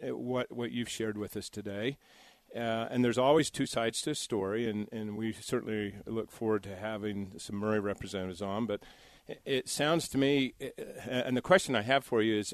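A man co-hosting a talk show, a former state senator, speaking in a measured, halting way with many fillers. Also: on the low side, no echo.

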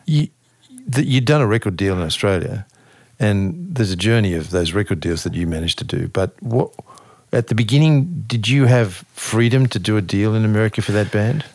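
A man's voice: lowish voice, expressive, normal speed, darkish tone, no room sound. A man hosting an interview, asking brief questions and prompts. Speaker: interviewer, host.

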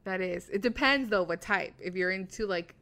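A woman's voice: mid-range voice, bright, forceful tone. A young woman co-hosting a podcast in casual chat, swearing freely and laughing often. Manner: swears freely, laughs a lot, talks in quick bursts. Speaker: podcast co-host.

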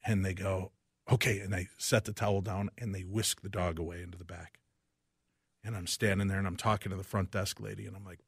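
A man guest-hosting a talk radio show, telling a personal story in an animated way and acting out each person's lines. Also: on the low side, fast, creaky, husky, no room sound, studio quality.

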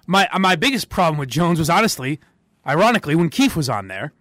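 A man's voice: a little high, brisk, dry recording, clean studio sound. A man hosting a sports radio podcast, chatting casually with strong opinions, rambling and laughing often. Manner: rambling, animated, laughs often, restarts sentences.

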